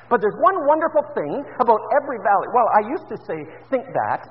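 High-voiced preacher in an echoing hall. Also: male voice, very animated, brisk. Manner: fervent, rising to loud emphasis. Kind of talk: sermon. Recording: dull lo-fi with long hall reverb.

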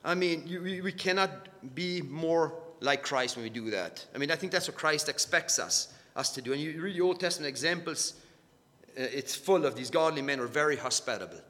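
A man preaching a sermon in a church hall, earnest and halting, often repeating his words as he searches for the next phrase. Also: a little high, bright, forceful tone. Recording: long hall reverb.

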